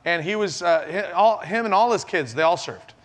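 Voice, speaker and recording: High-voiced pastor preaching in a reverberant hall. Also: male voice, normal speed. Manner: animated storyteller acting out dialogue. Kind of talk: sermon storytelling.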